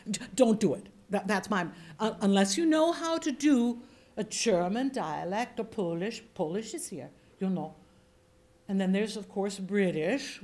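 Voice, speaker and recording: Blunt, lively woman teaching a workshop. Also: medium pitch. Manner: lively, blunt, demonstrative with her voice. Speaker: voice and reading instructor. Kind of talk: workshop teaching with audience questions. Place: workshop room.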